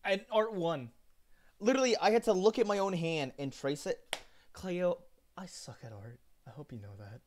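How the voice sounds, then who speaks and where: Brief: casual streamer guy with a slightly high voice, loose and foul-mouthed, chatting on a headset mic between game moments. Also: lively intonation, moderate pace, a little mellow, a little hiss or hum. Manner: loose, swears freely, jumps between story and game. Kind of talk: casual chat while gaming.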